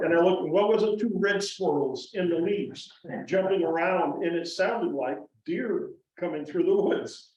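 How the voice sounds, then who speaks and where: A man telling stories about his carving to a live audience in a folksy, animated way. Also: high-pitched, moderate pace, few pauses. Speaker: guest woodcarver speaker. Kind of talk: storytelling talk to a live audience. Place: museum presentation room. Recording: echoey hall, distant muffled mic.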